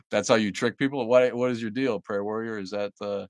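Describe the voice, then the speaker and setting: A man's voice: on the low side, steady tone, a little fast, no room sound. A man hosting a casual livestream, reading viewer comments aloud and answering them bluntly and sardonically, with frequent fillers and laughs. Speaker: livestream host.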